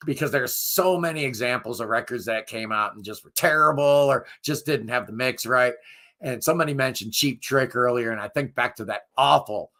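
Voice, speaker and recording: Hoarse gravelly-voiced man chatting casually. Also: medium pitch, bright, forceful tone. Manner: rambling, enthusiastic, self-deprecating. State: hoarse, losing his voice. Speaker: music review channel host. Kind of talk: casual live chat with viewers.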